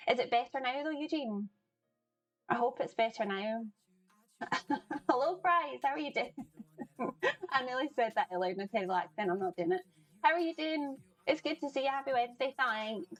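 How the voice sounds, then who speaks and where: A woman's voice: on the high side, expressive, a little fast, pauses often, soft background music, rough recording. A woman hosting a live cooking stream, chatting casually with viewers and greeting them by name as she cooks. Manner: chatty, greets chat by name, laughs often. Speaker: livestream cooking host. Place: home kitchen.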